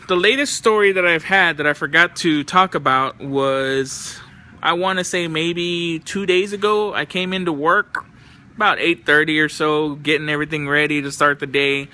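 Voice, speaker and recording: Bright, profane young man telling stories. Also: on the high side. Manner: loose, profane, exasperated anecdotes. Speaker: vlogger. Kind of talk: casual storytelling.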